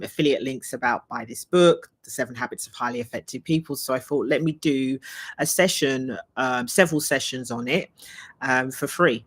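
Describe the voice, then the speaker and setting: Bright-voiced English woman chatting live. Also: very deep voice. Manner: chatty and rambling, thinking aloud. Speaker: leadership trainer hosting a live Q&A. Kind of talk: casual live-stream chat. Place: her home, moving around the house and kitchen.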